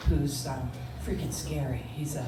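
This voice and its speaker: Older woman telling a lively story. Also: rumbling low, moderate pace. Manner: animated, laughs while telling, acts out voices. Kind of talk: personal storytelling. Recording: echoey room, distant mic, noisy.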